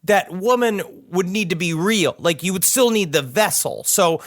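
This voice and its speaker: A man's voice: sits high, lively intonation, moderate pace, dry recording, studio quality. Rambling male podcast co-host. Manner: rambling, riffing with many restarts. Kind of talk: casual comedy chat.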